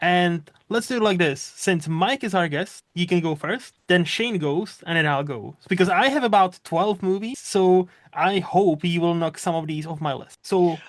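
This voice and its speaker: Male podcast host, high voice, dry close sound, chatty and laughing, loose restarts. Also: moderate pace, few pauses, no room sound. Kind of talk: casual chat.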